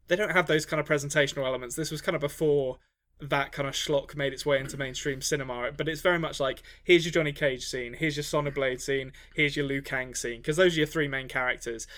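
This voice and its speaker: A man's voice: medium pitch, fairly even intonation, quick pace, a bit bright. A man co-hosting a movie podcast, talking casually with lots of restarts and ums. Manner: rambling, many restarts and ums. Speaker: podcast co-host. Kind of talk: casual movie review chat.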